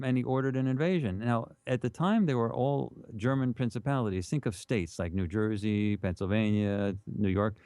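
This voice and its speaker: A middle-aged man, an interview guest, telling history in a casual, animated way and acting out the people he quotes. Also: mid-range voice, no echo. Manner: animated, acts out quoted historical figures in raised voices. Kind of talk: casual explanatory storytelling.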